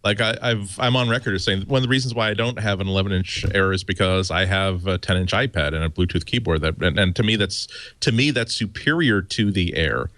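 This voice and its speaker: Lowish man rambling through restarts. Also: brisk, a bit bright, no room sound. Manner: long hesitant sentences with many restarts. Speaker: panelist. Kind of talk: casual panel chat.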